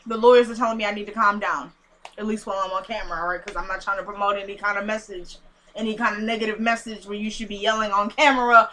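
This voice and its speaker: Bright-voiced woman recapping a TV episode. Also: mid-range voice, fast talker. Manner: animated, acts out quotes, exclaims. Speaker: TV show recapper.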